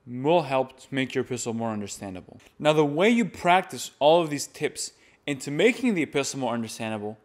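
A young man giving an instructional talk on chanting, stopping now and then to demonstrate. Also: mid-range voice. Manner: demonstrates by reading and chanting examples. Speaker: chant teacher.

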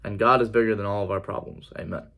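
A man's voice: lowish voice, steady tone, fast talker, vocal fry, a bit bright. A man giving an earnest personal faith testimony in a conversational vlog style, repeating key phrases for emphasis. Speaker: faith vlogger.

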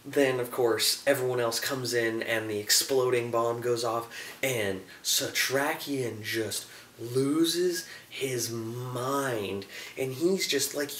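A young man casually reviewing a TV episode, enthusiastic and acting out scenes in quick voices. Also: mid-range voice, a bit bright, far from the mic. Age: young adult. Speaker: show reviewer. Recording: echoey room, a bit off-mic, faint hiss.

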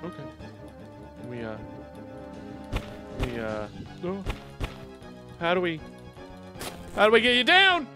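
Gamer man narrating his play, high and very lively voice with music underneath; yelps and shouts when surprised. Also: slow pace, long pauses. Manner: excitable, yelps and shouts at the game. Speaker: gaming YouTuber. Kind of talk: let's play commentary.

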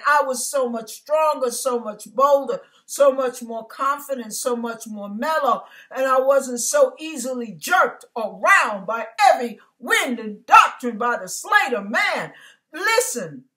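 A woman's voice: high voice, lively intonation, a little slow, pushed and bright. A woman with a way of speaking, giving an emphatic, repetitive preaching testimony into a computer mic at home. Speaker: online Christian teacher. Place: her living room.

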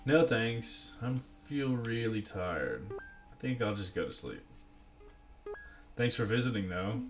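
A man voicing a glum young female cube in game dialogue read aloud, with a flat, drained, lifeless delivery. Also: medium pitch, moderate pace, soft background music, lightly acted. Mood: depressed.

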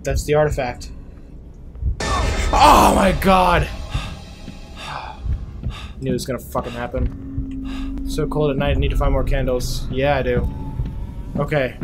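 A man's voice: mid-range voice, level tone, normal speed, long pauses, loud music behind the voice. A man playing a horror game and commentating, muttering to himself and swearing when he gets startled. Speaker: gameplay YouTuber.

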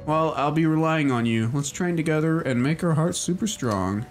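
A man's voice: on the high side, lively intonation, moderate pace, faint music behind, lightly acted. A man reading as an earnest young girl. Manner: reads her lines plainly without a put-on voice. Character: earnest teenage girl game character, gentle. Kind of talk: reading game dialogue aloud.

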